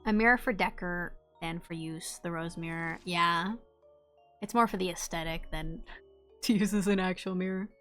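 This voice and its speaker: A woman chatting casually on a livestream as she plays a game, bubbly and quick to giggle, warmly greeting her viewers. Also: fairly low pitch, fairly even intonation, faint music behind. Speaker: streamer playing a game.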